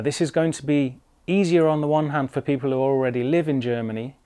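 British male teacher, casual explainer, measured and thoughtful with small restarts. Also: medium pitch, a little mellow. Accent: British English. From United Kingdom. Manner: thoughtful, with small restarts and careful pronunciation examples. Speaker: language teacher. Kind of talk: casual spoken lesson. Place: Germany.

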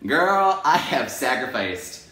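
A man teacher talking in a personal confessional vlog, very expressive, jumping into high voices to act out his own thoughts and going soft and gentle for self-affirmations. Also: slow pace, echoey room. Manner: expressive, jumps into high acted inner voices; ends softly with self-affirmations. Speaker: teacher and video blogger.

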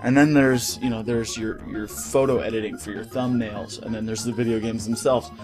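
A man's voice: lowish voice, fairly even intonation, normal speed. Profane ranting man, faint music behind. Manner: heated, profane, rambling rant. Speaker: gaming YouTuber. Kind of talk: ranting vlog commentary. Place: home recording setup. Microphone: studio mic with pop filter.

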